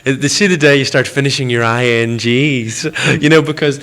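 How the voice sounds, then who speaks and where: A man's voice: medium pitch, fairly even intonation, moderate pace, fairly bright tone. A young man with a Northern Irish accent, a guest telling funny stories in a casual chat and laughing as he goes. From Northern Ireland. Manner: chatty, jokey, laughs through stories. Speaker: TV presenter, radio guest. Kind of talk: casual chat, anecdotal storytelling.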